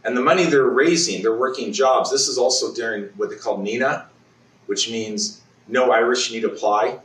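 A man delivering a conversational sermon in a church, often restarting his sentences and clearing his throat. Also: medium pitch, normal speed, a bit bright, echoey room, recorded from a distance, rough recording. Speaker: preacher. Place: church sanctuary.

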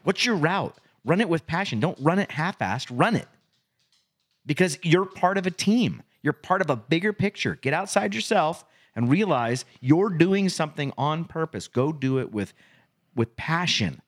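A man co-hosting a podcast, telling a coaching story in casual chat and acting out his own yelling in loud bursts. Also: a little high, lively intonation, moderate pace. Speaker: podcast co-host and youth football coach.

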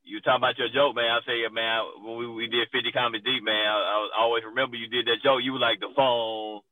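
A man's voice: mid-range voice, little pitch movement, fast talker, pushed and bright, dry recording, rough recording. A man chatting casually as a guest, laughing often and quoting others in a raised voice. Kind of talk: casual conversation.

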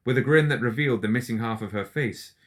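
A man giving steady, scripted narration of a dark fantasy audiobook. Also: mid-range voice, quick pace.

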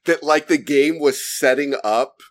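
Man, podcast co-host, casual chat, wry, incredulous, fairly high voice. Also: a little slow.

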